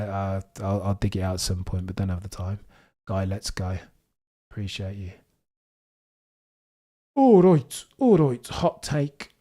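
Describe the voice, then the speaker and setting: A man with a mild Birmingham accent hosts a live watchalong stream. He talks in an excitable, chatty way, speaking straight to his viewers as he commentates. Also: on the low side. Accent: mild Birmingham English. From Birmingham, England.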